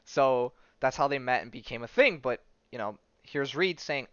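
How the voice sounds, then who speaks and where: A man's voice: medium pitch, animated, normal speed, fairly bright tone, clean tone, dry recording, highs cut off. A man hosting a podcast, casually recapping a comic, chatty and full of "right?" and "like", often laughing. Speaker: podcast host.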